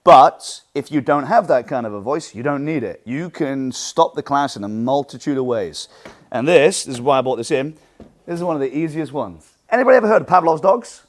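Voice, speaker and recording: A man teaching a coaching seminar for martial arts instructors, lively and animated, acting out what he says to students. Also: mid-range voice, brisk. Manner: lively, animated, acts out quotes.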